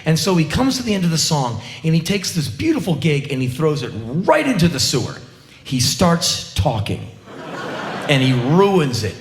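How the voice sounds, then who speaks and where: Animated sarcastic male storyteller, roomy echo. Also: on the high side, normal speed. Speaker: spoken-word comedian. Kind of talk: comedic stage storytelling.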